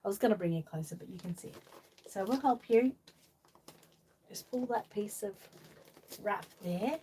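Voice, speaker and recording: A woman's voice: medium pitch, moderate pace, dark tone, a little hiss or hum. Aussie lady on a chatty livestream, sing-songy and fond, reads out comments, laughs a lot. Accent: Australian. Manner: chatty, coaxing a doll in a fond sing-song voice; reads viewer comments aloud, laughs often. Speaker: vlog host. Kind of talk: casual live-stream chat.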